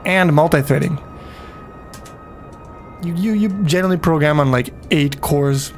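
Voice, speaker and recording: A man's voice: a little high, unhurried, faint music behind. Profane, rambling male streamer. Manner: rambling, profane, talks to chat. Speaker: livestreamer. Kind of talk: casual gameplay livestream commentary.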